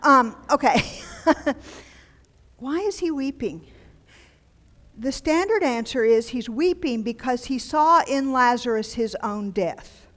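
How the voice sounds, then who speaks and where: An older woman delivers a lively, joking sermon in a church, her voice set a little high. She swings between animated storytelling and hushed, near-whispered lines. A long reverb trails her words through the hall. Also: takes it slowly. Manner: animated and humorous, dropping to near-whispers for emphasis. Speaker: guest preacher. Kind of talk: conversational sermon. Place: church sanctuary. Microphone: handheld microphone.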